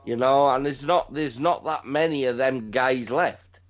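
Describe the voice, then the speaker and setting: Speaking a little slowly in a medium-pitched voice, this man runs a laid-back wrestling podcast. He meanders, swears frequently, and repeats himself, all captured in a dull lo-fi recording.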